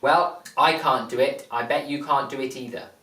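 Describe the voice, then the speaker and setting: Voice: medium pitch, moderate pace, a bit bright, voice pushed down, lightly acted. A speaker voicing the boastful wind. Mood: grudging. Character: boastful blustering wind spirit. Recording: echoey room, mic far off.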